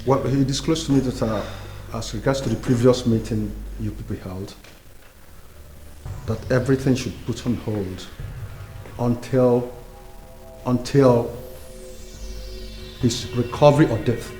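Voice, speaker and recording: A man's voice: mid-range voice, measured pace, long pauses, dark tone, natural voice. An actor playing a pompous male family doctor who mangles fancy words. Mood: careful. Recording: echoey room with music underneath.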